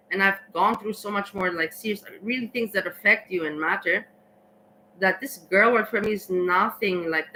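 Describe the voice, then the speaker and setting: Tired, rambling woman with a bright voice. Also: medium pitch, a little hiss or hum, rough recording. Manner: rambling, halting, many restarts and fillers. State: tired, slow thinking. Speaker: vlogger. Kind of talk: casual rambling vlog chat.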